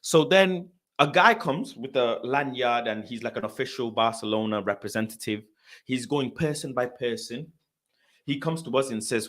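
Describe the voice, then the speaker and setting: This young male host is animated as he tells a story at a moderate pace. He talks casually and uses lots of slang, alternating between loud frustration and muttered grumbling.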